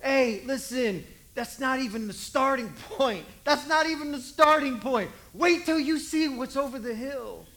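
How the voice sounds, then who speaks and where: A preacher voicing Jesus as a gentle, encouraging grown man who repeats slow, drawn-out reassurances. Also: sits high, animated, pitched above the performer's own voice, full character voice. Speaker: preacher acting out a scene.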